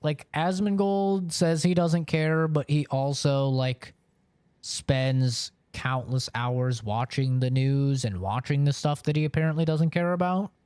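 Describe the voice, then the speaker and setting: A man's voice: a little high, measured pace, darkish tone, clean tone, no echo. A man live-streaming and chatting casually with viewers, rambling along with lots of filler words.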